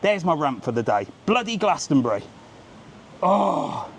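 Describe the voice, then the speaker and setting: This British travel vlogger's voice sits fairly high, with a sing-song lilt, vocal fry and a slightly slow pace. He livestreams a walk-and-talk along a busy outdoor resort strip, greeting passers-by while ranting bluntly and swearing casually, with faint street noise behind him.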